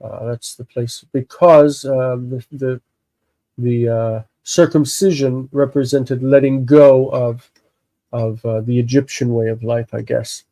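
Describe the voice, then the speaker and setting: A man with congested sinuses, slowly explaining a Bible text in a live lesson, halting and thinking aloud with many fillers. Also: mid-range voice, fairly even intonation, mellow, no room sound, poor audio. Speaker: Hebrew teacher.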